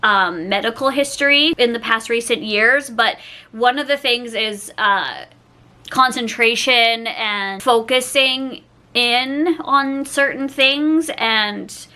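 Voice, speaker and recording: A young woman telling a storytime vlog in a chatty, animated way, acting out bits of dialogue as she goes. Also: on the high side, slow pace. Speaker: YouTuber.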